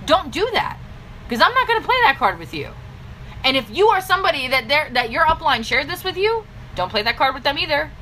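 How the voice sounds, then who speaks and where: Woman coach with a crisp, higher voice, blunt and scolding, motivational talk to camera. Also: sharp tone, a little hiss or hum, low-quality recording. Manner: blunt, scolding pep talk with sudden pitch swings. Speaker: business coach. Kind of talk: direct-to-camera motivational vlog.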